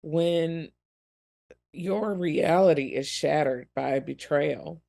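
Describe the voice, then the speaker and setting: Here a woman co-host of a ministry podcast reflects, with earnest compassion, on guiding children through difficult times. Her voice sits low and mellow, slow-paced, with some vocal fry.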